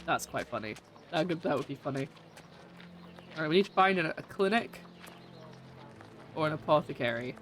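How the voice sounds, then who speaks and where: A woman with a deep voice and lively intonation speaks at a moderate pace, pausing often, as she streams a video game. She chats casually in let's-play style, giggling often and joking at her own expense.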